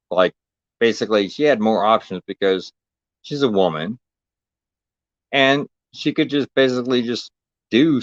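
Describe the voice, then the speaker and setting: A man's voice: on the low side, a bit bright, dry recording. A man ranting in heated, profane casual chat as a podcast host, often stumbling and restarting his sentences. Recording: dull, dry lo-fi recording.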